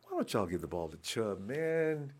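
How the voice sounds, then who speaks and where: A man reacting live to a football game, excitable, talking at the players on screen and trash-talking them. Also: mid-range voice, moderate pace. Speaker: football fan watching a game.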